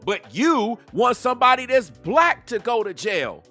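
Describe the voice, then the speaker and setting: A man's voice: extremely high pitch, very animated, measured pace, sharp tone, faint music behind. A man giving heated reaction commentary, confrontational and full of rhetorical questions. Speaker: YouTube commentator.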